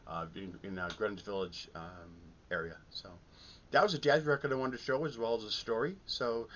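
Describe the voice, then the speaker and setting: Low-voiced middle-aged man, rambling vlog. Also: brisk, a bit bright. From Milwaukee, Midwest US. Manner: rambling, many ums and restarts. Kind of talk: casual vinyl collecting vlog. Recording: dull lo-fi sound with faint rumble.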